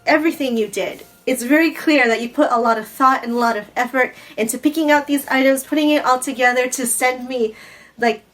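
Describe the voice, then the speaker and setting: A woman unboxing gifts in a casual vlog, gushing and excitable, often breathless with delight. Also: high-pitched, a little fast, faint music behind, rough recording. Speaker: YouTuber unboxing a gift box. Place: home in Japan.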